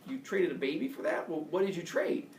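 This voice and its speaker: A male teacher voicing the king of the gods in a retold myth, animated and incredulous, recorded from afar in a classroom. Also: sits high, brisk, far from the mic, noisy background. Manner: animated storyteller voicing dialogue. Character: booming king god, curious and incredulous. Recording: roomy classroom heard from afar.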